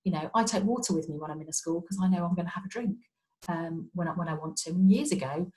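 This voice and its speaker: A woman's voice: fairly low pitch, fast, rough recording. A woman, a speech and language therapist, giving a training talk over a video call in a chatty, explaining way. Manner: warm conversational explaining, many fillers and repetitions. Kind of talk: online training presentation.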